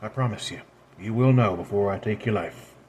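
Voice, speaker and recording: A man voicing a sly, hardened immortal woman, who talks quietly in a dry and knowing way. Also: on the low side, a little fast, dull audio, a little hiss or hum, natural voice.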